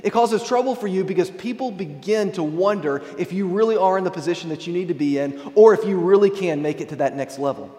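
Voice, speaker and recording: A man preaching in a large hall, his fairly high voice ringing with a long, roomy reverb. He leans hard on key words, reads scripture, then turns to speak straight to his listeners. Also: brisk, few pauses, mellow. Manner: emphatic preacher reading scripture aloud and addressing the congregation. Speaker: pastor. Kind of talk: sermon.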